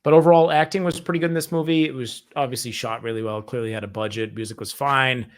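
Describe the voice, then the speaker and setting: A man co-hosting a horror movie review podcast in casual chat, animated and swearing freely. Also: medium pitch, quick pace, clean tone. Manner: animated, swears freely, acts out silly voices. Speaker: podcast co-host.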